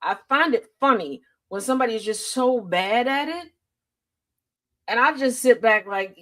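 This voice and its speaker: A woman hosts a casual talk show. She speaks in a slightly high voice, chatty and candid, and laughs often between her points. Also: animated, normal speed, fairly bright tone. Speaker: host. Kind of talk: casual chat.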